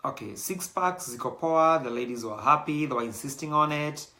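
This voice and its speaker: Male host, bright tone, animated casual delivery, talks straight to the audience. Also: a little high, normal speed. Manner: animated, mixes in Swahili slang, many fillers. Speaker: show host.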